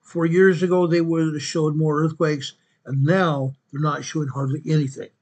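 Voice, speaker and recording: A man's voice: on the high side, flat delivery, normal speed, a little mellow. A man hosting an earthquake report over a map, repeating each figure and correcting himself as he goes. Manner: repetitive, restates each quake figure; corrects himself mid-sentence. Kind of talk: narrating a map-based earthquake update.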